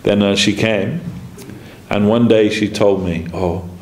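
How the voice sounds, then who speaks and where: A man's voice: lowish voice, steady tone, slow pace. A man giving an informal devotional class, telling anecdotes and acting out the quoted dialogue in them. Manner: storytelling, acts out quoted dialogue, chuckles. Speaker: spiritual teacher giving a class. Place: temple lecture room. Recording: echoey room, faint background noise.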